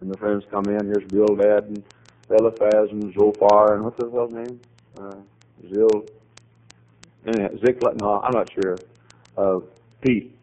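A man preaching a sermon, telling a story with acted dialogue and swings to loud, high emphatic climaxes. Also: little pitch movement, measured pace, pauses often, dull audio.

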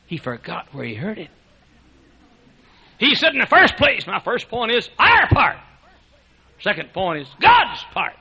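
An older man preaching a sermon, telling folksy stories, chuckling often and rising to loud exclamations. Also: mid-range voice, creaky. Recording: dull lo-fi sermon recording.

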